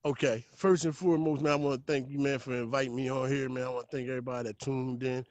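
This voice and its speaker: A man talking as a podcast guest, telling stories in a lively, profane way. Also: mid-range voice, fast, no room sound. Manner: animated, profane storytelling. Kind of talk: casual podcast talk.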